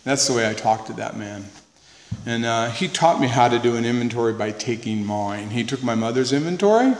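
A man's voice: mid-range voice, a little fast. A man speaking at a recovery meeting, giving an earnest, conversational personal testimony, repeating words for emphasis, with wry humor. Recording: echoey hall with faint noise.

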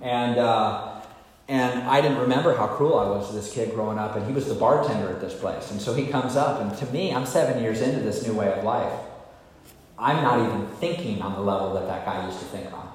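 A man's voice: on the low side, fairly quick. A man speaking candidly at a recovery meeting, telling his own story in a confessional, self-mocking way. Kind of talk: personal recovery story talk. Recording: echoey hall with faint noise.

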